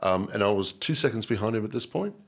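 Australian male guest, low husky voice, earnest and animated storyteller who repeats himself. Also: fast talker. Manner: earnest and animated, repeats words, many restarts. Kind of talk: emotional personal storytelling.

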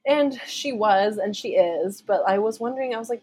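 A woman's voice: mid-range voice, moderate pace, darkish tone, slightly rough. A young woman co-hosting a casual chat over a video call, thoughtful and a little hesitant.

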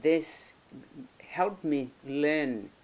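A self-help speaker giving a reflective motivational monologue, thoughtful and speaking in short phrases with frequent pauses and restarts. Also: medium pitch, lively intonation, darkish tone. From grew up in a village in another culture.

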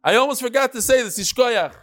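A man teaching a Talmud class as a rabbi, telling stories in a lively way and talking straight to his students. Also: very high voice, fast. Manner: animated, talks straight to the class. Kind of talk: lively lecture with storytelling.

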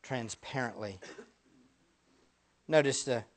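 A male pastor preaching a sermon, dropping to hushed near-whispers and then climbing to loud, emphatic rhetorical questions he repeats for effect. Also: mid-range voice, takes it slowly.

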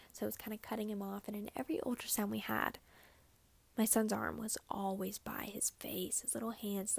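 A woman's voice: mid-range voice, creaky, a little mellow. A young woman telling her birth story in a chatty, casual way, full of "like" and acted-out quotes. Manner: chatty, lots of "like", acts out quoted lines.

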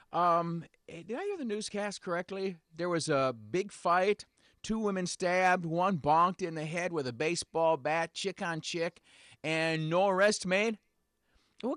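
A man's voice: fairly high pitch, a bit bright, no echo, studio quality. Sarcastic, rambling male radio host. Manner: sarcastic, mocking, rambling with many fillers. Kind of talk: opinionated radio monologue. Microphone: studio mic with headphones.

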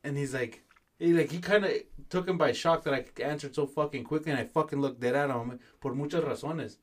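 A man co-hosting a podcast, telling a profane, animated story and mixing in Spanish phrases. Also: a little high, a little fast. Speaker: podcast co-host. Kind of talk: casual storytelling chat.

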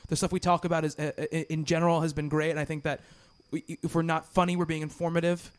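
A man's voice: a little high, little pitch movement, fast talker. A man hosting a podcast in casual chat, rambling with many restarts and fillers. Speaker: podcast host.

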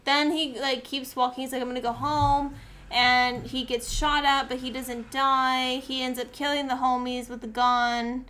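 A woman co-hosting a casual movie podcast, recapping the plot in an animated way and acting out the characters' lines. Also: high-pitched, a little slow, hardly any pauses. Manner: animated storyteller, acts out quotes. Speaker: podcast co-host.

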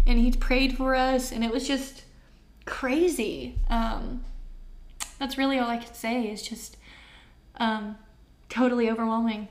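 A woman's voice: fairly high pitch, steady tone, unhurried. A woman in her thirties telling a personal story as an interview guest, candid and heartfelt, with many fillers. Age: 30s.

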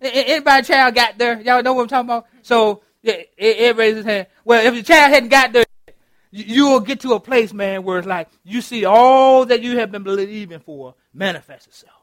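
A middle-aged man preaches with a very high, ringing voice. He is animated and laughs often, keeps checking in with his congregation, and sounds close and dry with no echo. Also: a little fast. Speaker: pastor. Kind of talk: interactive sermon. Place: church.

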